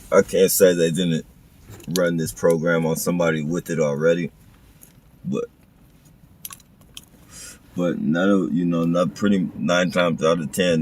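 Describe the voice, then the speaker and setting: A man's voice: deep voice, darkish tone, slight background noise. A man live streaming from his car, ranting in a profane, agitated way.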